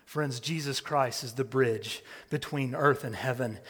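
A male pastor preaching a sermon, swinging from hushed near-whispers to loud proclamation. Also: mid-range voice, a little slow, few pauses, husky, long reverb tail.

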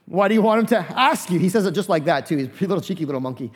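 A man preaching a sermon as pastor, animated, acting out the voices of the figures in his story. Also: sits high, rapid-fire, husky, in a large hall.

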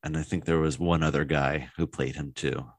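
Casual podcast co-host, male, deep low register, eager and rambling, dry close sound. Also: fairly even intonation, normal speed, no room sound. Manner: enthusiastic, rambling with many fillers. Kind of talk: casual chat.

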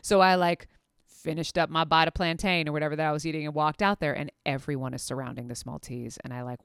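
A middle-aged woman, a veterinary anesthetist, telling a story in an animated, chatty way full of fillers and restarts. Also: lowish voice, clean tone, no echo, clean studio sound. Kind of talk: casual storytelling.

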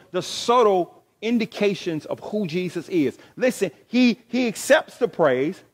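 A pastor preaching a sermon in a slow, deliberate cadence, his voice sitting a little high for a man. He leans hard on key phrases, getting louder as he drives a point home, and often repeats or corrects himself mid-phrase. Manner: emphatic preaching, rising loud on key phrases.

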